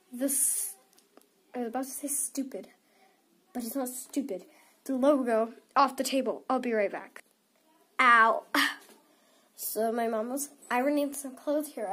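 This toy unboxing vlogger is a teenage girl talking casually to camera, giggly and rambling, her nose stuffed up and her sentences packed with "like." Her voice is high and a bit bright. She speaks a little slowly and pauses often.

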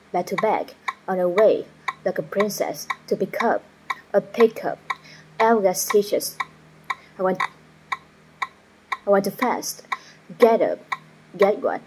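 A woman reading short practice phrases aloud one at a time, in an even, measured way, as in a pronunciation drill. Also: medium pitch, background noise.

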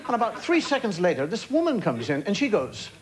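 A man's voice: high voice, brisk. A man in his fifties with an Irish accent, a chat show guest telling comic stories with wry asides and acted-out punchlines. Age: 50s. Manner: animated anecdotes with wry asides, acting out punchlines. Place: TV studio before an audience. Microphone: studio broadcast mic. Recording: old TV broadcast with loud hiss and studio audience laughter.

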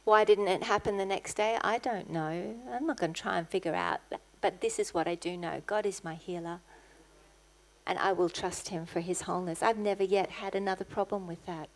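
A middle-aged woman, a guest pastor, preaching a sermon in church, rising to loud, passionate exclamations. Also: mid-range voice, fairly even intonation, normal speed.

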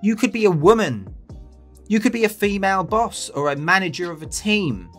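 A man rants comedically as host, his pitch swinging widely. He is sweary and sarcastic and breaks into mocking outbursts. Faint music sits underneath. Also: animated, moderate pace, a bit bright. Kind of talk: comedic rant.

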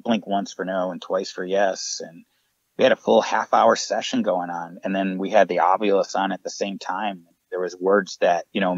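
A man, a paranormal investigator guest on a podcast, telling lively stories and acting out what people said. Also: low-pitched, no echo, muffled recording. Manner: animated anecdotes with acted-out quotes. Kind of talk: casual podcast storytelling.

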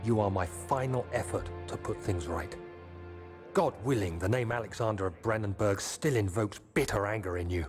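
An actor playing a man's recorded note voice, grave and urgent, with a solemn, measured reading. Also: fairly low pitch, natural voice. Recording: long reverb with music behind.

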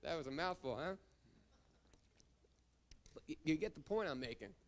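Guy preaching a sermon, slightly high voice, reads verses, asks for amens. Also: expressive, normal speed, slight background noise. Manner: preaching, reading scripture references and calling for amens. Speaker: pastor.

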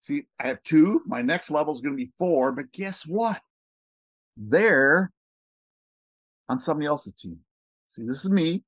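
An excited man talking fast and rambling as he walks viewers through a screen share for a recruiting pitch. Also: no echo. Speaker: network marketing recruiter.

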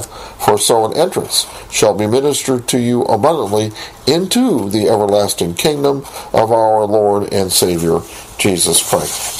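A man leads a Bible lesson at an unhurried pace, reading passages aloud and pausing for rhetorical questions. His voice sits on the low side. A faint hiss runs underneath the recording. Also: poor audio. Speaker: Bible teacher.

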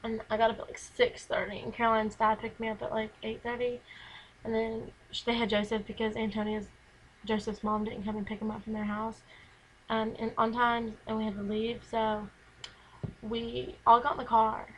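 A woman's voice: on the high side, monotone, moderate pace, a little hiss or hum, low-quality recording. Chatty teenage girl with a twang. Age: teens. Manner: chatty, rambling, lots of "like". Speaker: vlogger. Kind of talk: casual chat to camera. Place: her bedroom. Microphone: camera mic.

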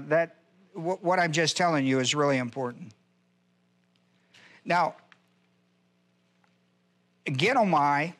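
A man's voice: a little high, fairly bright tone. A male pastor teaching a Bible class verse by verse, emphatic, repeating key phrases and quizzing his listeners.

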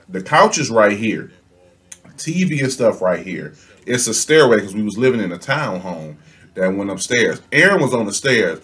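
A young man telling a comedic storytime on his own channel, slangy and laughing, acting out the people in his story. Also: lowish voice. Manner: animated, laughing, slangy, acts out quotes. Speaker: storytelling vlogger.

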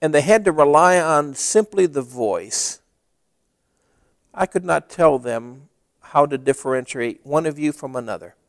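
Male pastor, high voice with a lot of lift, dry close sound; storytelling sermon that builds to emphatic preaching. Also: lively intonation, measured pace, dry recording.

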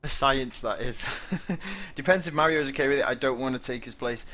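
A man's voice: medium pitch, normal speed, sharp tone, a little hiss or hum. A man streaming a game live and chatting casually, greeting viewers by name and laughing often.

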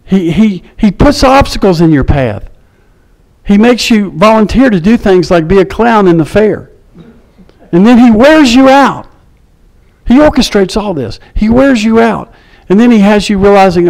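A male pastor preaching a sermon in an animated way, acting out the people he quotes. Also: high-pitched, normal speed, gravelly, low-quality recording. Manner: animated, acts out quotes in shifting voices.

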